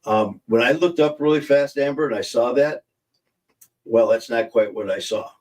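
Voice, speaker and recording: A man's voice: medium pitch, moderate pace, far from the mic. A man hosting a podcast live stream, telling rambling, anecdotal stories and laughing at his own jokes. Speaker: podcast host. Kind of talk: casual live-stream chat. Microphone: streaming setup mic.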